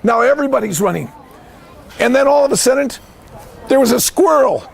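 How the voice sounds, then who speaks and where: A high-voiced man with a gravelly rasp tells a picture-book story to children. He narrates with animated bursts of shouting and keeps quizzing his young listeners. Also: fairly quick, some chatter behind. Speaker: head of school, storyteller.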